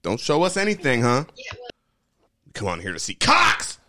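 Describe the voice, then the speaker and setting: A man co-hosting a video chat stream, teasing strangers in crude, loud joking banter over a headset. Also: huge pitch swings, moderate pace. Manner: loud, teasing, swings his pitch widely.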